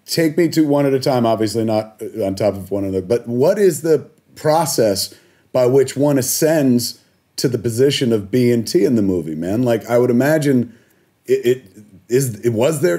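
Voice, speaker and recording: A man's voice: medium pitch, warm tone. A man hosting an interview, asking playful, rambling questions. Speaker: interview host. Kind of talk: casual interview chat.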